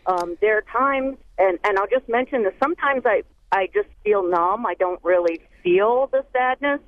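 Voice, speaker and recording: A caller on a radio show speaking hesitantly and earnestly, with many fillers. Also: male voice, high-pitched, moderate pace, no echo. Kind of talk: call-in radio question. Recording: tinny phone line.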